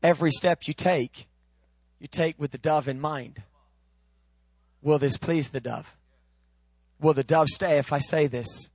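A male preacher's high-pitched, husky voice moves a little slowly, with long pauses, as his sermon shifts from loud, ringing proclaiming to low, soft, intimate teaching. There's no echo; the recording is dry and close, with no room around it.

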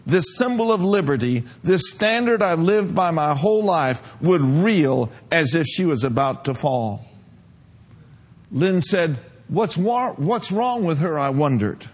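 Man preaching a sermon, fairly high voice. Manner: preacher reading a vision aloud, building to shouts. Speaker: pastor.

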